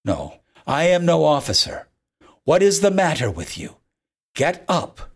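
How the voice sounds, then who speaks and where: A reader voicing a kind, strong grown man who helps a stranger in the snow in a storybook reading, gentle and reassuring in manner. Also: mid-range voice, big pitch swings, measured pace, husky, heavily acted. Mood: kindly. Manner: gentle and reassuring, then urgent calling.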